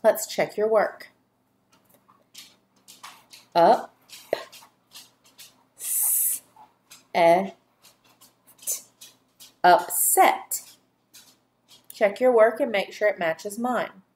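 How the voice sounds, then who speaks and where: A woman teaching phonics on video, stretching out each syllable for young learners. She speaks at a slow, patient pace with a medium pitch. Her delivery is deliberate and instructional. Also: a little mellow. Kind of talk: phonics dictation lesson.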